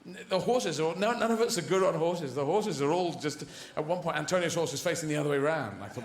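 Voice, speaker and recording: A man's voice: a little high, expressive, fast talker, hardly any pauses, a little hiss or hum. A man doing rambling, playful stand-up comedy full of sound effects, on a roomy stage.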